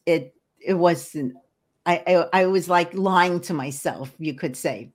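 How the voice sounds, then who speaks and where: A woman speaking as a podcast guest, an energy healer and hypnotherapist, talking earnestly and encouragingly with frequent restarts. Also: fairly low pitch. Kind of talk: podcast interview conversation.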